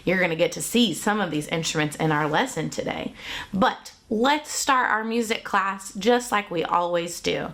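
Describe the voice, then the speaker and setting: A woman's voice: fairly low pitch, moderate pace, gravelly, fairly bright tone. A woman teaching an online kindergarten music class from a music room at home, talking to young children in a cheerful, sing-song way with simple songs and counting.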